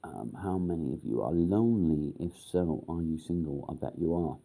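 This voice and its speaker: A middle-aged man hosting a casual live stream, rambling with many pauses and casual swearing. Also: very deep voice, animated, creaky, warm tone. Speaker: livestream host.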